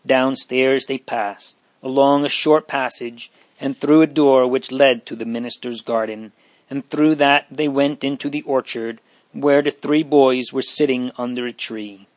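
A man narrating a classic story in a measured, steady way, close to the mic. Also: medium pitch, dry recording. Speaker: audiobook reader.

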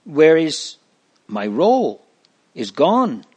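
A man's voice: a little high, very animated, extremely slow, a little mellow, husky, pitched above the performer's own voice, full character voice. A man voicing an earnest, fearful young male pilgrim in a storybook reading, pleading and lamenting. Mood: panicked.

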